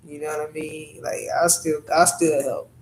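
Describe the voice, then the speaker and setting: A woman's voice: low voice, level tone, normal speed, darkish tone, a little hiss or hum, poor audio. A woman vlogger telling rambling, profane stories in a casual monologue, often asking "you know what I'm saying".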